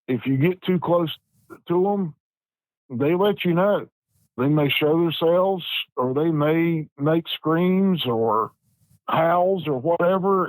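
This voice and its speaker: A man, telling a personal story as a podcast guest in an unhurried, plain-spoken way with frequent restarts. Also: on the high side, a little mellow, no echo, poor audio. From West Virginia. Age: 50s.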